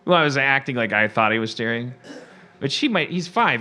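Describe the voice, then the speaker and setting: A man's voice: mid-range voice, fairly quick. A man hosting a comedy podcast, telling rambling, profane stories in casual chat. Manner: rambling, profane, animated storytelling. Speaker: podcast host.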